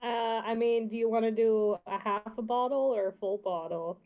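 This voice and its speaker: A woman with a fairly high voice chats as a player in an online tabletop game. She teases her friends and is quick to laugh, keeping things loose and playful. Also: phone-quality sound. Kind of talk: casual tabletop play over a stream.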